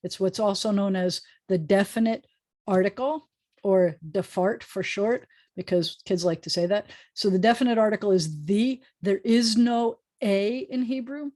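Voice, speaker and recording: A woman rabbi teaching a Hebrew class over a video call, explaining patiently and repeating words slowly. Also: medium pitch, darkish tone. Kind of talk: online class lecture.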